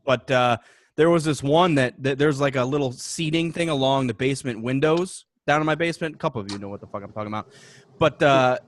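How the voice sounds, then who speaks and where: A man's voice: medium pitch, a little fast. A man hosting a podcast, telling a rambling story in a casual group chat and swearing freely. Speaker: podcast host.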